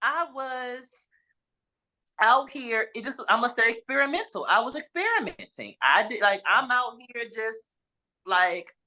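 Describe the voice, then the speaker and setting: A man's voice: extremely high pitch, very animated, sharp tone. Emotional man telling a hard story. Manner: halting, emotional, repeats himself and breaks down at times. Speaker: guest sharing his testimony. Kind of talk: emotional personal testimony.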